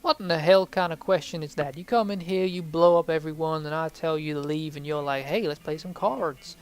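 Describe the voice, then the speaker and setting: A man's voice: on the high side, steady tone, a little fast, clear, resonant tone, natural voice. A man doing a mocking put-on American accent as an indignant saloon keeper.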